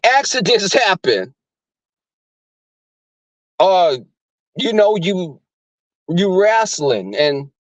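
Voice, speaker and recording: A man's voice: high voice, no echo, dull audio. A man telling crude, profane stories to live viewers from his workplace. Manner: crude, animated, frequent laughs and swearing. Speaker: live streamer.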